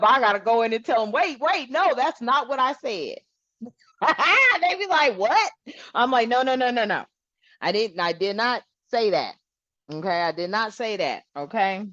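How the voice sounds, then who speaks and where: A woman who hosts a spiritual channel talks casually to her viewers, rambling with plenty of energy and swearing freely. Her voice is mid-range, and the recording is dry with a lo-fi sound.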